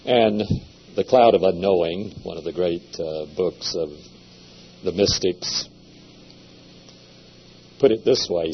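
A man giving a seminary lecture in a measured, deliberate way, with occasional hesitations. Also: deep voice. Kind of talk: classroom lecture. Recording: dull lo-fi lecture recording with faint hum.

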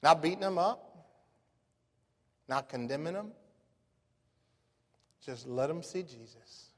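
A man, a pastor preaching a sermon in a folksy, animated storytelling way. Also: fairly high pitch, slow. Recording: long reverb of a large hall.

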